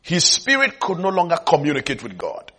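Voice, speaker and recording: Husky emphatic male preacher. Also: on the high side, huge pitch swings, a little fast, sharp tone. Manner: emphatic, repeats key words, asks if listeners follow. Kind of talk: sermon.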